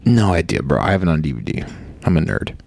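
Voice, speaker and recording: A man's voice: low-pitched, big pitch swings, fast, gravelly, darkish tone. A young man in casual podcast chat, easygoing, laughing often and saying "like" a lot. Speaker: podcast co-host.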